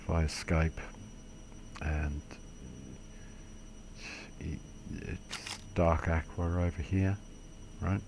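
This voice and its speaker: A man's voice: low-pitched, steady tone, drawn-out words, pauses often, noisy background. A man giving a casual, rambling game tutorial commentary, self-deprecating and swearing mildly. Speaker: gaming video creator.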